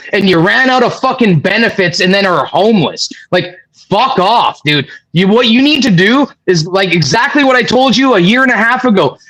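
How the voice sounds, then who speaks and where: A man's voice: high-pitched, a bit bright, poor audio. A man on a livestream panel, furiously cursing out a chatter in a long profane rant. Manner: angry, profane ranting at a chatter.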